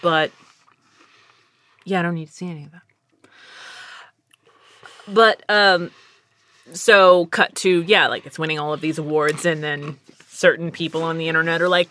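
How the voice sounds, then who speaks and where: Bright-voiced woman telling lively stories. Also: deep voice, normal speed, long pauses. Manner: animated storytelling, laughs often. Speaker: guest. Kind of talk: casual chat.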